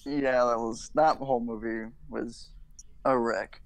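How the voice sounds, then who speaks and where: A man's voice: mid-range voice, steady tone, takes it slowly, no echo, poor audio. A young man on a podcast, talking casually and rambling, with lots of "like" and half-finished restarts as he gathers his thoughts. His voice is recorded close and dry, with no room sound. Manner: rambling, full of "like" and restarts, swears. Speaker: podcast co-host. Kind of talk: casual chat.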